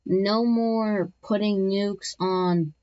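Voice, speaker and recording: A woman's voice: mid-range voice, steady tone, very slow, mellow, clean tone, dry recording. A woman narrating a map scenario in a casual, rambling way, full of restarts and jokey asides, in a dull lo-fi recording.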